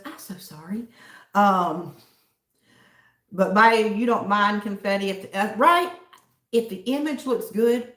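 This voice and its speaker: A woman's voice: mid-range voice, fairly bright tone. A woman hosting a livestream from home, chatting casually and rambling as she answers viewers by name. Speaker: livestream host reading chat. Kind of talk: casual chat. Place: home in a city. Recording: roomy echo, distant from the mic.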